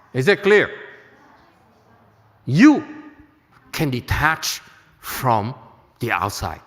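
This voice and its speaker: A man's voice: medium pitch, very animated, extremely slow, pauses often, in a large hall. A man teaching at a temple, giving a Buddhist lecture to an audience, joking and checking they follow. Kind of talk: dharma lecture.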